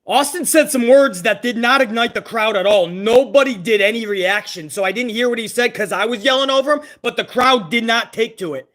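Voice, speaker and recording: A man on a live reaction stream swears in exasperation as he rants over what's on screen. He talks briskly with few pauses, in a very high, bright, forceful voice.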